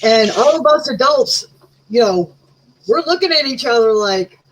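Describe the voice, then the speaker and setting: A woman's voice: fairly high pitch, lively intonation, normal speed, slight background noise, low-quality recording. A woman chatting as a guest, telling rambling stories full of asides. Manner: rambling storyteller, many "you know"s. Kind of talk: casual chat.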